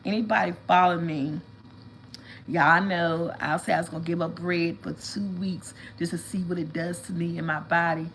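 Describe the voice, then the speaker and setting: A woman chatting casually with viewers on a livestream, telling animated stories and calling them y'all. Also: fairly low pitch, vocal fry, a little hiss or hum, rough recording. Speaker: vlog host.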